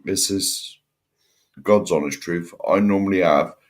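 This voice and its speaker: A man's voice: low voice, unhurried. A man, co-hosting a podcast in casual chat, emphatic and jokey with lots of "yeah". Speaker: podcast co-host.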